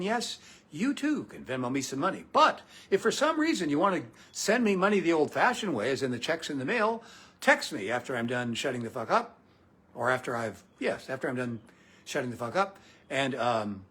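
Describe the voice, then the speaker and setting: A man's voice: mid-range voice, big pitch swings, moderate pace, a bit bright, breathy edge. A man hosting a comedic political talk show, sarcastic and profane. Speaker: political commentator and show host.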